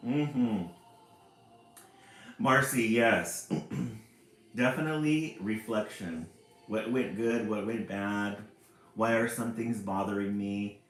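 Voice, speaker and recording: A man's voice: slow, long pauses. Cheery man hosting a livestream chat. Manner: cheery, pitch jumps up when greeting people by name. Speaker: livestream host. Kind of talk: casual livestream chat greeting viewers. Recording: roomy echo with faint music behind.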